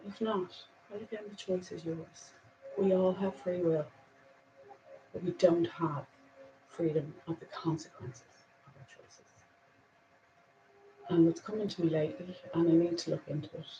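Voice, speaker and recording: A woman hosting a casual spiritual talk and reading angel cards, earnest and reflective, with soft laughs and a little emotion. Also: fairly low pitch, dull audio, noisy background.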